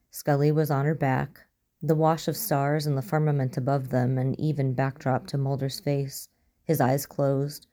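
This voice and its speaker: A woman reading a story aloud as narrator, in a steady, even storytelling manner. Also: rumbling low. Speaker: story reader. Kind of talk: audiobook narration of fan fiction.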